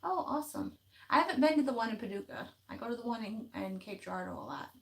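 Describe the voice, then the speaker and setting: A woman, chatting casually on a live craft stream, folksy and quick to laugh. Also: a little high, expressive, gravelly. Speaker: craft vlogger hosting a live chat. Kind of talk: casual live-stream chat, reading viewer comments.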